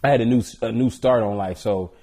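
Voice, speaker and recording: A man from Georgia, a barber and podcast guest, telling stories in an animated, joking, slangy way. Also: fairly low pitch, brisk. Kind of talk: casual storytelling.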